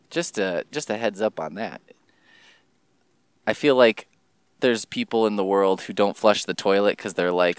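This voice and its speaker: A man rambling casually in a solo podcast monologue, swearing and jumping his pitch for emphasis. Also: clean tone, dry recording.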